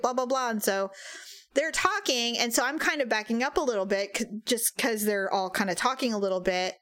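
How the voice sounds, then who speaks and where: A middle-aged woman with a slightly high voice chats casually on a podcast, acting out every person in her story as she goes. She laughs easily and keeps the energy up. The sound is close and dry. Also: no room sound. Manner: animated storyteller, acts out quoted voices, laughs often. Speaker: podcast co-host. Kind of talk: casual chat.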